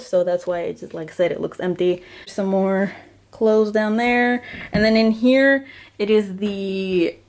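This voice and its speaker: A woman's voice: medium pitch, a little mellow. A young woman giving a casual house tour for her vlog, chatty and giggly, a little out of breath as she walks from room to room indoors. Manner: chatty, giggly, lots of "like" fillers. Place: small rented house, indoors, walking room to room.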